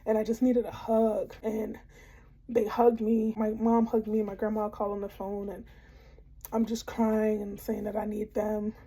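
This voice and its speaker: A woman's voice: medium pitch, little pitch movement, unhurried, mellow, husky. A woman in her thirties candidly telling a personal story in a heartfelt monologue, with frequent fillers.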